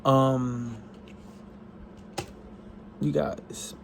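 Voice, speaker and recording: A tired man chatting casually about a book he is reading, rambling and excitable, with frequent restarts and swearing. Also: medium pitch, very slow, a little hiss or hum, rough recording. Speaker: book vlogger.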